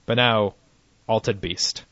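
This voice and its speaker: Rambly guy cracking up a lot, lowish voice, dry dull recording. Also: steady tone, slow, a bit bright, no room sound. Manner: laughs often, rambling with restarts and fillers. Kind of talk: casual chat.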